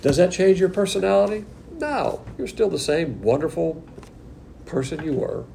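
A man's voice: high voice, lively intonation, moderate pace, creaky, dark tone, slight background noise. A man preaching a sermon, emphatic and conversational with blunt asides. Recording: echoey room with faint ambience.

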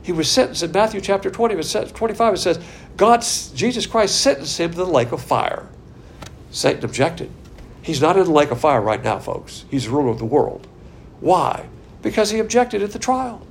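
A man's voice: sits high, animated, moderate pace, slight background noise. A man preaching a sermon in a church room, stretching out key words for emphasis and putting questions to his listeners.

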